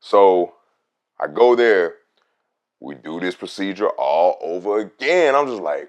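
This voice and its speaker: A man's voice: low-pitched, animated, a little slow. A man casually telling a personal story, chatty and full of fillers. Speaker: vlogger.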